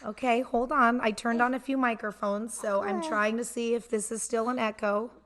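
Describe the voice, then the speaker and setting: A woman's voice: on the high side, steady tone, a little fast, fairly bright tone, distant mic. A woman in her thirties hosting a casual live stream from home, chatty and playful, cooing at her baby, recorded on a computer mic in an echoey room. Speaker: host.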